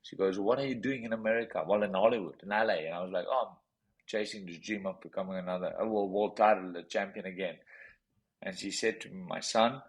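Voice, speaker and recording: This podcast guest, a South African-accented professional boxer, has a low voice with a steady tone and a quick pace. The audio is poor as he intensely recounts a personal story, frequently repeating phrases.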